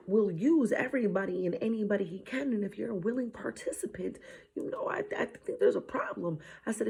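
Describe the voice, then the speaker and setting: A woman with a husky, slightly breathy voice tells a story about her children in a casual faith talk. She acts out what she said to them and slips into hushed whispers now and then. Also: mid-range voice. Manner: animated retelling, dropping to a whisper at times. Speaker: mother sharing a faith message.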